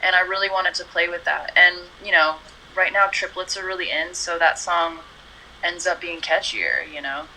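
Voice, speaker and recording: A woman singer being interviewed, talking in a relaxed, chatty way, often saying "you know" and "like". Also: fairly low pitch, normal speed, slight background noise, poor audio. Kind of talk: casual interview chat.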